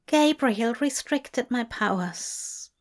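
A woman doing a fussy, gentle male angel. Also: on the high side, sing-song, slow pace, full character voice. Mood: weak. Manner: raised, stammering, fussing.

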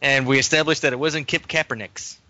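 A man's voice: medium pitch, steady tone, brisk, bright, forceful tone, no room sound, muffled recording. A man co-hosting a casual podcast chat, joking and laughing often. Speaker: podcast co-host.

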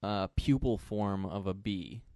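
A man's voice: lowish voice, a little slow, dark tone, no echo, clean studio sound. A man co-hosting a casual podcast, joking around playfully and trying out silly accents. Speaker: podcast co-host.

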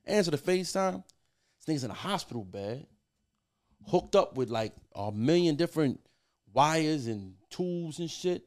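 Male guest spinning a profane story, lively pitch swings, mid-range voice. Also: normal speed. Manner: animated, profane storyteller who acts out quotes. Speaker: podcast guest. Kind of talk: casual storytelling.

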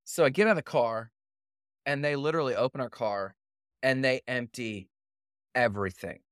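A man's voice: medium pitch, normal speed, fairly bright tone, clear, resonant tone, no room sound, clean studio sound. A young man co-hosting a podcast, telling a story casually, acting out quotes and laughing often. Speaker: podcast co-host.

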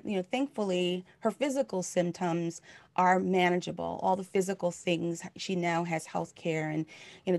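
A woman's voice: fairly low pitch, gravelly, a little mellow, no room sound. A middle-aged woman minister giving a heartfelt, conversational sermon with many fillers.

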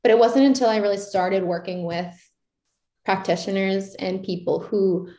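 A young woman speaking as an interview guest, candid and animated as she acts out her own inner questions. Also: mid-range voice, normal speed. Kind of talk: casual reflective interview talk. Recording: roomy echoey sound.

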